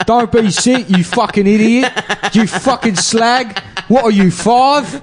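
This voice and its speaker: A man's voice: very high-pitched, unhurried, crowd noise, voice pushed up. Man doing a foul-mouthed mock-British bully doctor. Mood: sneering. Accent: put-on mock British. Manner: abusive, sneering, shouting insults. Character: crude cockney male doctor bullying sick kids. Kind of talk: podcast comedy riff.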